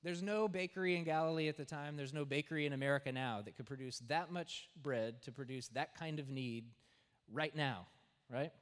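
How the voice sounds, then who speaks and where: A man's voice: a little high, fairly quick. A man preaching a sermon as pastor, talking in a conversational way and often checking in with "right?". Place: church sanctuary. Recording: long church reverb.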